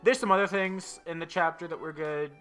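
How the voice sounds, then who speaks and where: A man's voice: fairly high pitch, steady tone, fairly quick, a bit bright, faint music behind. A young man casually reviewing manga chapters, swearing a lot and talking with frequent fillers and an exasperated edge. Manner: profane, exasperated, lots of fillers.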